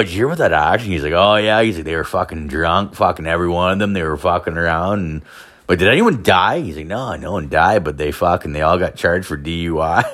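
A man's voice: low-pitched, a bit bright. A man telling a rambling, profane personal story in a casual monologue, swearing constantly and acting out the voices he quotes.

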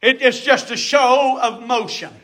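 A male preacher with a strikingly high voice delivers a fervent sermon. He speaks slowly, his tone bright and ringing. He repeats phrases, shouts for emphasis and punctuates his points with "amen".

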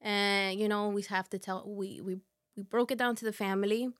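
A woman in her thirties, a podcast guest, telling a personal story in a halting, soft way with many fillers. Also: medium pitch, steady tone. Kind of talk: casual conversation.

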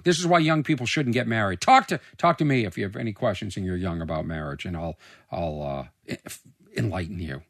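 A man in casual commentary, reacting to a reality show clip, animated and incredulous, sometimes putting on mocking impressions. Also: on the low side, gravelly, breathy edge, dry recording, clean studio sound.

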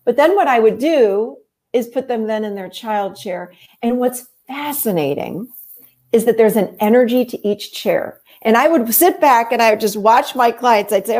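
A middle-aged woman therapist talks through her method in a relaxed interview. Her voice sits a little high, and she speaks in an animated, explanatory way, acting out other people's lines as she goes. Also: normal speed. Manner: animated, explanatory, acts out quotes. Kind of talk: conversational interview.

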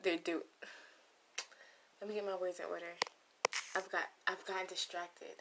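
A woman's voice: fairly low pitch, little pitch movement, moderate pace, very noisy. A young woman vlogger in a casual, comedic monologue, rambling and losing her train of thought with playful asides, close to the mic. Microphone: close microphone.

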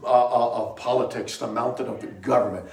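A man preaching a sermon to a congregation, telling a story with laughter and sudden shouted bursts. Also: medium pitch, fairly even intonation, brisk. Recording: echoey room, mic far from speaker.

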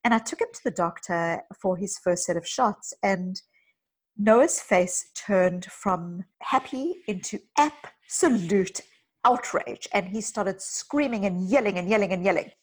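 Husky-voiced woman psychologist telling stories. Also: medium pitch, unhurried, a little mellow, rough recording. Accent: South African. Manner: storytelling, earnest and emphatic. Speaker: psychologist guest. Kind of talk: podcast conversation.

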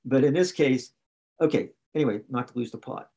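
A man's voice: medium pitch, a little fast, darkish tone, slight background noise. A man from West Virginia, a coach and podcast guest, talking candidly in a rambling, self-correcting way. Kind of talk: candid conversation.

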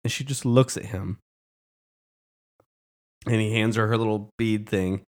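A man's voice: on the low side, steady tone, measured pace. A man retelling a show's story in casual commentary, passionate, indignant and emotional. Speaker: show recapper.

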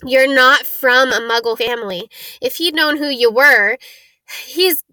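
A woman reading aloud lends a light touch to a big gruff kindly gamekeeper from a storybook, blunt and homely in his chatter. The voice sits fairly high and the sound is dry and close. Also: measured pace, bright, forceful tone, dry recording. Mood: chatty.

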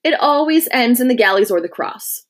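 A gruff Roman centurion barking orders, raised and hard-edged, full of scorn for his captive, as a woman reading a story puts him on. His voice climbs sharply when he shouts. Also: fairly high pitch, lively intonation, moderate pace, voice pushed up. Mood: contemptuous.

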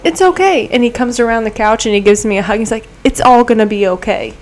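A woman's voice: fairly high pitch, fairly even intonation, fast talker. Rambling young woman telling a story. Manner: rambling storyteller, acts out quotes. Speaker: podcast co-host. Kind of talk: casual chat.

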